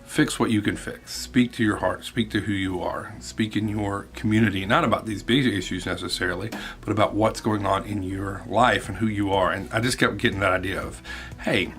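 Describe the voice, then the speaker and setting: A man's voice: on the low side, moderate pace, a bit bright. Candid, rambling youth minister man. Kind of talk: casual vlog reflection.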